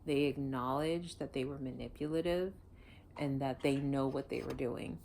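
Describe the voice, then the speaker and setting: A woman's voice: rumbling low, fairly even intonation, normal speed, vocal fry, warm tone, slight background noise. A woman doing a casual tarot reading, blunt and emotional, swearing freely. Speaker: tarot reader.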